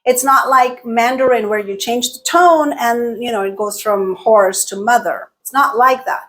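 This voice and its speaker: A woman teaching a lesson, speaking clearly and deliberately and exaggerating pitch in her example sentences. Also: a bit bright. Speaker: English teacher. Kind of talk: explanatory lesson with spoken examples.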